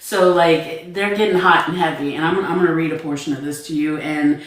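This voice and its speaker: Lower-voiced woman telling a story. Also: fairly quick, very echoey, distant mic, rough recording. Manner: animated storyteller who laughs often. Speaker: book podcast co-host. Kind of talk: casual chat.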